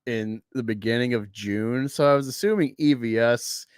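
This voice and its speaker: A man's voice: medium pitch, normal speed, clear, resonant tone, dry recording, clean studio sound. A man co-hosting a casual chat, talking bluntly and laughing often. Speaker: co-host.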